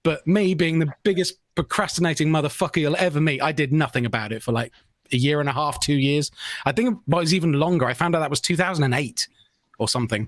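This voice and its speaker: A man spins a self-deprecating story on a podcast, his voice sitting somewhat high. He acts out the lines of people in his tale with animated energy. The sound is dry and close to the mic. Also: quick pace, no room sound. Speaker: podcast co-host. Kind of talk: casual storytelling chat.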